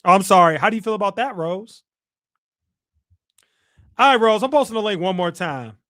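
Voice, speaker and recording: This livestream host from the United States has a high, bright, pushed voice and speaks animatedly at a moderate pace. He reads chat messages aloud and pokes fun at a viewer, captured in clean studio sound with no room sound.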